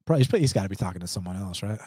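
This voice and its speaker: A man's voice: sits low, expressive, racing, warm tone, breathy edge, dry recording, clean studio sound. Blunt slangy Atlanta man streaming. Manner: blunt, slangy, laughs often. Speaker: MMA betting livestream host. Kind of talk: casual livestream chat reading viewer comments.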